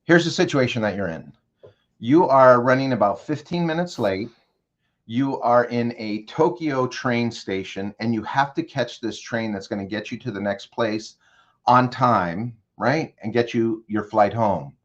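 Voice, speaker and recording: A male consultant appearing as an interview guest walks the host through an imagined scenario, leading with direct questions to check in. His medium-pitched voice is a bit bright and a little slow, and the audio is dull.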